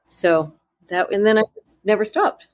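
A woman author in an interview, telling her story in a candid, self-deprecating way with halting restarts. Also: mid-range voice, lively intonation.

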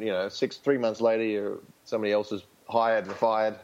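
A man's voice: fairly low pitch, steady tone, a little fast, hardly any pauses, a little mellow, smooth, lo-fi sound. Frank Australian man, rambling coach talk. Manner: frank, rambling, many fillers and restarts. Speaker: tennis coach, interview guest. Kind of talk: casual interview storytelling.

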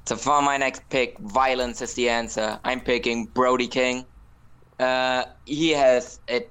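A man's voice: mid-range voice, steady tone, a little slow, a bit bright, smooth, poor audio. A man on a casual podcast over a voice call, talking steadily as he explains his reasoning. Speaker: podcast panelist.

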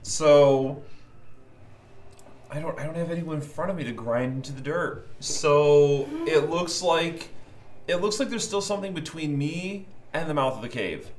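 Slightly higher-voiced man at a game table. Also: measured pace, roomy sound, a little hiss or hum. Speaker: player. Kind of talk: casual in-character table talk.

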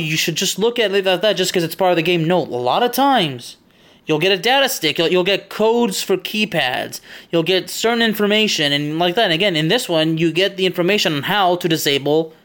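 A somewhat high-voiced podcast host describes a game level he's remembering, frequently going off on tangents and backtracking. He's animated and chatty, quick to laugh, and talks fairly fast in a tone that's a bit bright.

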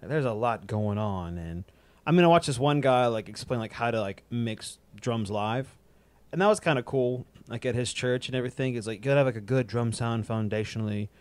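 Young man, casual chat, rambling, even pitch, dry close sound. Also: moderate pace, dry recording. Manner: rambling, animated, imitates drum sounds.

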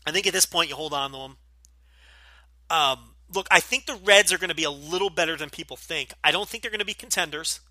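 A man's voice: on the high side, fast, pushed and bright, no echo. Blunt, profane man with a light Jersey accent. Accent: light New Jersey. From New Jersey. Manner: blunt, profane, rambling with many fillers. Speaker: podcast host. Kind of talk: casual Q&A podcast.

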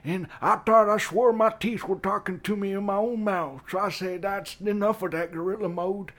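Man playing a rambling old grandpa, raised-pitch folksy stammer, comic podcast bit. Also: fairly even intonation, normal speed, a bit bright. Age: older.

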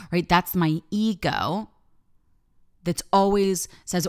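A woman's voice: deep voice, unhurried, fairly bright tone, clean tone. A woman life coach hosting her podcast, giving a candid, reflective personal monologue and swearing freely.

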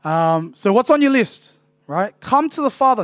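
A man's voice: high-pitched, very animated, moderate pace, dry recording, studio quality. A man, preaching a casual, joking sermon full of "right?" tags. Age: 30s. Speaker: pastor.

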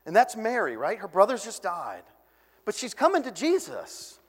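A man preaching a sermon as a pastor, conversational and animated, acting out voices when he quotes people. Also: sits high, normal speed, long reverb tail.

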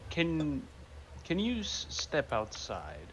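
A man's voice: a little high, wildly swooping pitch, slow pace, heavy background noise. A man playing a tabletop game, speaking bluntly and acting threatening in character. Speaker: player.

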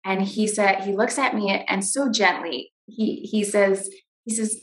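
A middle-aged woman giving a personal faith testimony as an interview guest, earnest and halting, often restarting her sentences. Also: medium pitch, steady tone, reverberant, rough recording.

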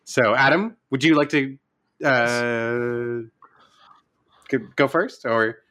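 A man co-hosting a casual show review, talking in an animated way, swearing and acting out scenes. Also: mid-range voice, slow. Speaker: podcast co-host. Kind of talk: casual chat reviewing a TV series.

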